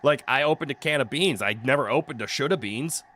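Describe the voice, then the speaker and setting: Streaming a video game, a man with a mid-range, bright voice speaks briskly and forcefully in casual commentary. He jokes, swears freely and laughs often, using a desk mic with a noise canceller.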